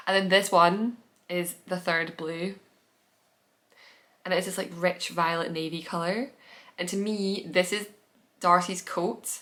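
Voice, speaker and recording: A woman's voice: fairly low pitch, a bit bright. A woman hosting her own podcast, chatting casually on camera at home with gushing enthusiasm and lots of trailing restarts. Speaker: podcast host. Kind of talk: casual chat.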